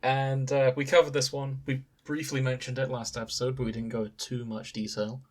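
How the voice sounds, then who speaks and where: A man's voice: mid-range voice, level tone, a little fast, a little mellow. Man with a wry, dry delivery. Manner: wry, summarizing a story with dry asides. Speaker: podcast co-host. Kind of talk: casual chat.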